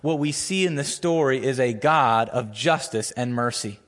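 A man preaching a sermon as a church pastor, opening with a prayer and telling a story with earnest emphasis. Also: moderate pace. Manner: storytelling, earnest, builds emphasis with rising pitch. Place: church sanctuary.

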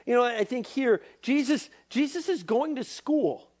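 Animated young male youth preacher. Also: very high-pitched, measured pace. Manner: animated, acts out dialogue, many fillers. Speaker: youth pastor. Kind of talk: sermon to young people.

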